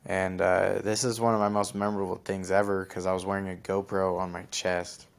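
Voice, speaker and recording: A young man with a deep, low-pitched voice hosts a casual podcast. He tells a long story in a loose, rambling way, leaning on fillers and likes as he goes. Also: level tone, fairly quick, gravelly. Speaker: podcast host.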